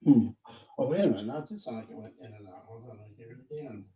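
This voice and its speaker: Man, livestream host, casual rambling chat, throat clearing, mid pitch. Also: racing, warm tone, dull audio. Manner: rambling, greets viewers by name, frequent throat clearing.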